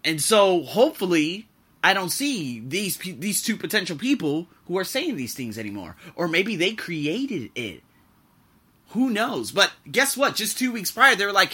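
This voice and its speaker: A man's voice: high-pitched, sing-song, unhurried, pushed and bright, breathy edge. A man who teaches English talks frankly in a rambling vlog monologue, exasperated and swearing freely.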